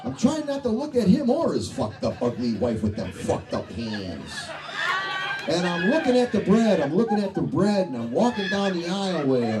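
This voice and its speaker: A middle-aged man doing a stand-up comedy set, swearing freely and laughing at his own jokes, in a tavern showroom. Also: on the high side. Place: tavern showroom before a live crowd. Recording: distant and noisy live bar recording.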